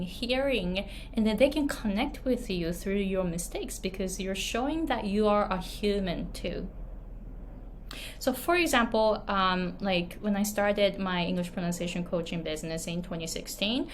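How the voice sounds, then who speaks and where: A woman with a thick Japanese accent shares coaching advice in a relaxed, chatty way, leaning on fillers like "you know" and "right?". She talks slowly at a middle pitch, with a faint hiss in the background. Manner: chatty, laughs often, many fillers and tag questions. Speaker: online business and pronunciation coach. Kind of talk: casual storytelling advice to camera.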